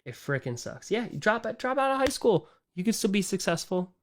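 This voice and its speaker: A young man ranting on a live stream, animated and exasperated, trailing off and repeating himself as he talks. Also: sits high, fairly quick, a little hiss or hum.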